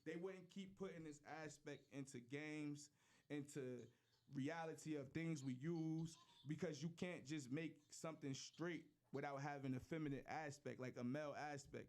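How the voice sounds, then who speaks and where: A man's voice: on the high side, darkish tone. A man hosting a casual group chat, lecturing his friends and checking in with "you feel me?". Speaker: podcast host.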